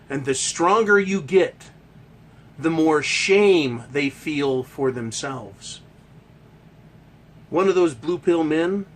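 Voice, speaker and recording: A man hosting a ranting monologue, talking in a heated, emphatic and profane way. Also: fairly high pitch. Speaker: host.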